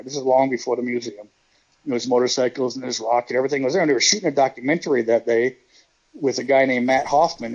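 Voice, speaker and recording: A man with a gravelly, husky voice tells rambling, profane stories in a casual interview, laughing often. The sound is slightly dull and lo-fi. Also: mid-range voice. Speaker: guest, retired pro wrestler.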